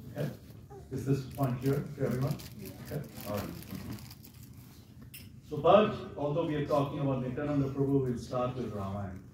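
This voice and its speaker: Male lecturer, chatty storytelling style, heard from far off in a booming room with background noise. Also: normal speed, pauses often. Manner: conversational, keeps checking with the audience. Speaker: visiting lecturer. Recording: echoey hall, far from the mic, audible noise.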